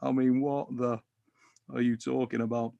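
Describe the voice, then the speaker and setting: A man hosting a casual chat, animated and quick to swear and tease. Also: medium pitch, gravelly, muffled recording. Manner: animated, swears, teasing banter. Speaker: podcast host.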